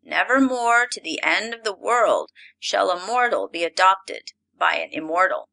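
A woman's voice: medium pitch, expressive, vocal fry, pushed and bright, exaggerated voice, low-quality recording. Ak, a woman voicing a stern old forest lord. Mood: solemn. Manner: slow, solemn, commanding.

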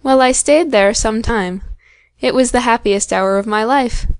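A proud little storybook kitten, put on by a woman reader spins a sly tall tale and bristles when doubted. The voice sits a bit high and sounds close and dry, with no room around it. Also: measured pace, smooth, dry recording, natural voice. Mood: storytelling. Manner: sly and indignant. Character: boastful, touchy white kitten telling tall tales.

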